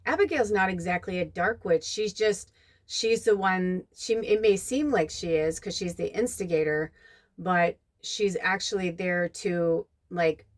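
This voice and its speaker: Woman podcast host, chatty rambling solo talk, lively retelling. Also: on the low side, a little slow. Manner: rambling, full of "like" and "you know"; animated when retelling scenes. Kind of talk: casual monologue.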